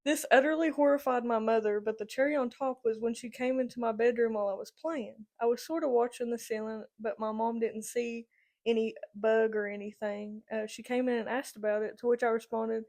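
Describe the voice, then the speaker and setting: Bubbly high-voiced woman telling stories. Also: steady tone, fairly quick, darkish tone. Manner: chatty, laughs often, acts out voices in her stories. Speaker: podcast co-host. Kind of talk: casual storytelling chat.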